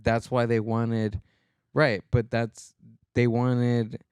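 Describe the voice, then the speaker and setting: A man's voice: mid-range voice, flat delivery, slow, a little mellow, clean tone, dry recording, clean studio sound. A man co-hosting a comedy podcast, chatting casually and rambling with many restarts and trailing-off sentences. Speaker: podcast co-host.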